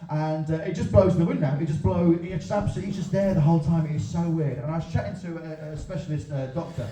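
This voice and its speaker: Rambling sweary stand-up comedian. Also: male voice, a little high, fast, mellow, a little hiss or hum. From Grimsby, England. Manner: rambling, self-deprecating, sweary. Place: comedy club stage. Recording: roomy venue sound from a distance, dull.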